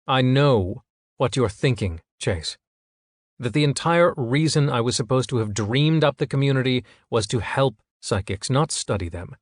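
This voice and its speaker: A man's voice: medium pitch, animated, moderate pace, no echo, studio quality, voice pushed up, close to an everyday voice. A man voicing a cold powerful father. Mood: cold, measured.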